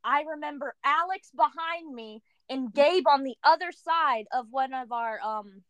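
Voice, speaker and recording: A young woman co-hosting a podcast, telling a story in animated casual chat full of "like" fillers. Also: sits high, a little slow, no room sound. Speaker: podcast co-host.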